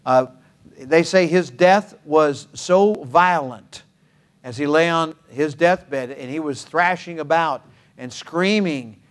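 A man's voice: fairly high pitch, slow. A man preaching a sermon, emphatic, repeating phrases for stress, with folksy asides.

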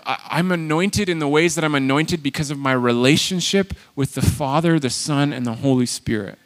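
A man preaching a sermon, animated and emphatic, swinging between loud exhortation and quiet asides. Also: on the high side. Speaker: pastor.

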